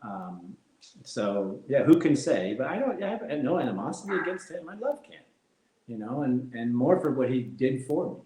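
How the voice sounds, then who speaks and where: A middle-aged man talks candidly as an interview guest. He speaks at an ordinary pitch, reflective one moment and lively the next, often laughing through his anecdotes. His voice rings in a roomy, echoing space. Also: moderate pace, background noise. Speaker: guest, former fighter.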